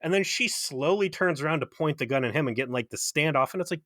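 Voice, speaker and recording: A man's voice: a little high, fast talker, few pauses, no room sound, clean studio sound. Sarcastic profane podcast co-host, man. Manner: sarcastic, profane, animated retelling. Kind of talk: casual recap chat.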